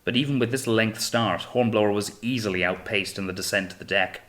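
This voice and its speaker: A man reading an audiobook of a naval novel in a steady, measured way. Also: on the low side. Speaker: audiobook narrator. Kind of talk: scripted audiobook narration.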